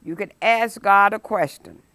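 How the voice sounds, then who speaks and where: A woman teaching a Sunday school lesson, preaching emphatically and breaking into loud exclamations. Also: mid-range voice, dry recording. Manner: emphatic, rises to shouted exclamations; slow, deliberate phrasing.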